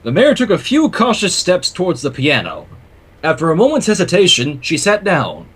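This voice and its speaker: A man reading a fan story aloud for a livestream, animated with joking asides. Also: sits high, normal speed, breathy edge. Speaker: story reader.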